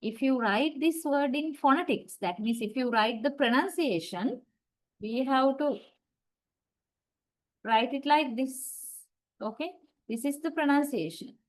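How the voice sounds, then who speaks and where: A woman's voice: high-pitched, expressive, a little slow, long pauses, poor audio. A woman giving an online university lecture, explaining step by step and often checking with "right?".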